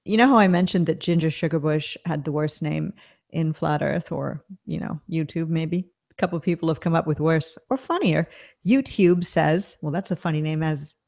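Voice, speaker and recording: A woman's voice: sits low, moderate pace, creaky, darkish tone. An American woman hosting a casual live-stream chat, reading viewer comments aloud. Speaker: show host.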